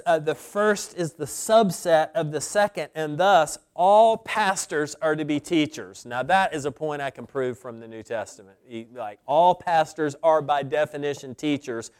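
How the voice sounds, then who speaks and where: A man preaching a sermon as pastor, teaching deliberately and stressing key words with pauses. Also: a little high, darkish tone, smooth.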